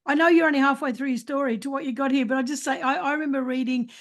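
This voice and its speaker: Woman hosting a podcast, high voice, super enthusiastic, stumbles over words. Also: fairly even intonation, rapid-fire. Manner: enthusiastic, trips over her words, laughs often. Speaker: podcast host. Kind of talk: casual interview chat.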